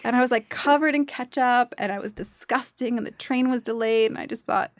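Speaking brisk and a little high with few pauses, a woman in her forties, originally from New York, appears as an actress guest in casual chat. She's an animated storyteller who acts out quotes, recorded in clean studio sound with no room ambience.

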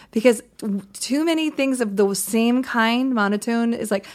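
A woman's voice: fairly high pitch, moderate pace, hardly any pauses. A woman co-hosting a podcast as a confidence coach, chatting casually and acting out examples as she teaches. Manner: animated, demonstrates voices while teaching.

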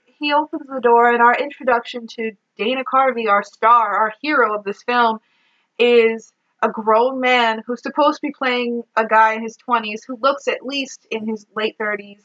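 A woman's voice: fairly high pitch, fairly even intonation, moderate pace, fairly bright tone, lo-fi sound. A woman co-hosting a podcast, recapping a movie in casual chat, exasperated, swearing and laughing as she goes. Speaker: podcast co-host.

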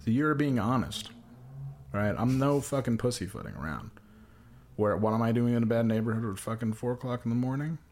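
A man's voice: medium pitch, animated, a little fast, a little mellow. A man hosting a casual podcast who tells long, profane, self-mocking stories about doing comedy. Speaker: podcast host and amateur comedian.

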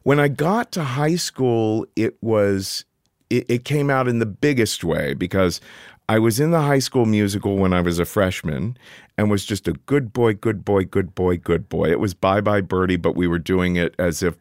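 A middle-aged man telling a personal story in casual conversation as a podcast guest, animated and jumping up in pitch when he quotes himself. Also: normal speed, dry recording, studio quality.

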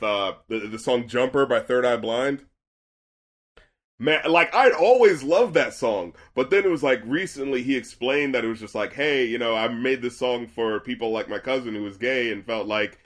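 Young male podcast co-host, casual and animated, swears a lot, rambles with fillers. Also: mid-range voice. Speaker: podcast co-host reviewing albums. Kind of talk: casual chat.

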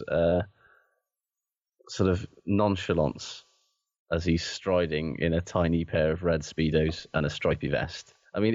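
A man's voice: low voice, darkish tone, no room sound, dull audio. A man co-hosting a podcast in casual chat, dry and sardonic, swearing freely. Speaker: podcast co-host.

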